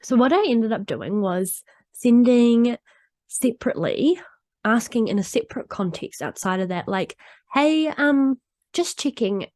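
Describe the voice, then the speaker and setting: A woman's voice: on the high side, normal speed, warm tone, no echo. Woman podcast host, candid chatty monologue with frequent laughs, dry close sound. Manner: chatty and candid, laughing often, acts out quotes.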